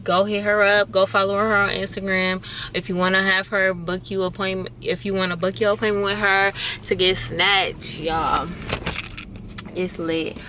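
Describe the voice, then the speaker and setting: A woman's voice: medium pitch, pushed and bright, slight background noise. A young woman vlogging casually to her phone camera, playful and full of slang, hyping herself up while out and about. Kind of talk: casual vlog chat to camera. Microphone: phone camera held by hand.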